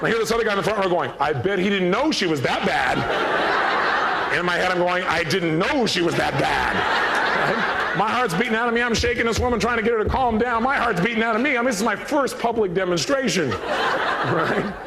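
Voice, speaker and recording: With heavy noise in the background, a man at a live motivational seminar tells a story, playing both parties in the conversation with lively energy. He speaks fast in a voice that sits high.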